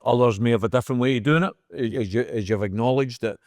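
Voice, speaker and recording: A man's voice: medium pitch, quick pace, no echo. A man interviewing a band member, speaking in a thoughtful, reflective way. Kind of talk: casual interview.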